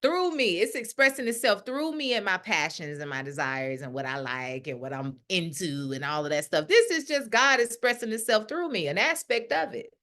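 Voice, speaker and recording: A woman's voice: mid-range voice, moderate pace, few pauses. A middle-aged woman leading a ministry, giving a casual spiritual talk and acting out the voices of the people she quotes. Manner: animated, acts out quoted voices. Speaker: ministry leader.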